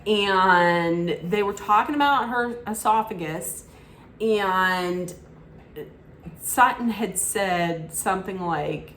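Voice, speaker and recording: A woman's voice: medium pitch, takes it slowly, a bit bright, echoey room, slight background noise. A woman giving an opinionated, casual recap rant about a reality show, often restarting her sentences. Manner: opinionated, frequent restarts and asides.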